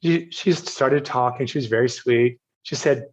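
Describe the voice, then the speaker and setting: A man's voice: mid-range voice, moderate pace. An older man from Virginia, a podcast guest, tells a self-mocking story in a casual interview and laughs at himself as he quotes others. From Virginia, United States. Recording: slightly dull, lo-fi audio.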